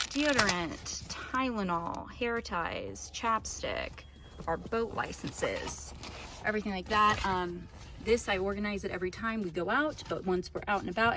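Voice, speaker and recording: Woman vlogger, lowish voice, breathless and rambling, music underneath. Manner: chatty, filler-heavy, self-correcting. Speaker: vlogger giving a boat tour. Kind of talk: casual walkthrough. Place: on a boat.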